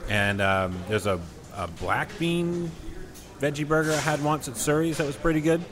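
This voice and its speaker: A man's voice: a little high, moderate pace, crowd noise. A man co-hosting a radio show, chatting in a joking, rambling way. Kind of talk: casual radio chat.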